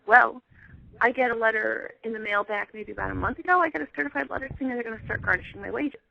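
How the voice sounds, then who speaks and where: A woman's voice: on the high side, fast talker, creaky, slight background noise. A woman co-hosting a radio show, telling an indignant account of a billing dispute in casual chat. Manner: indignant, telling a grievance step by step. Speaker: co-host. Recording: dull lo-fi line.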